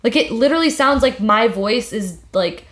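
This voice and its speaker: A young woman co-hosting a casual podcast chat, telling stories in a slangy, animated way. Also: on the high side, normal speed. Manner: chatty, slangy, animated storytelling. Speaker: podcast co-host.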